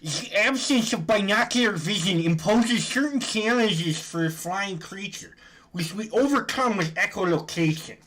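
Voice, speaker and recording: A man's voice: high voice, animated, normal speed, fairly bright tone, pitched above the performer's own voice, low-quality recording. A man putting on a stereotypical nerd voice. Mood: lecturing. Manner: prim, lecturing, nasal nerd voice. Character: stereotypical nerdy male scientist reading notes.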